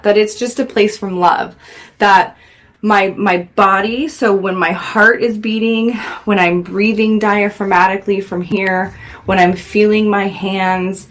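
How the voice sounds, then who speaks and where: Earnest woman host talking about love. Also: medium pitch. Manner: earnest, reflective, speaks louder when worked up. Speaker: radio show host. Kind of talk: motivational talk to viewers.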